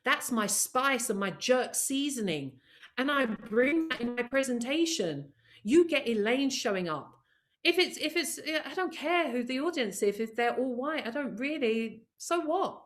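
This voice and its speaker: Lively woman leading an online workshop. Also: on the high side, a little slow. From of Caribbean heritage. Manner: lively, encouraging, talks directly to attendees. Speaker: workshop presenter. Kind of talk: live online training session. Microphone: video call.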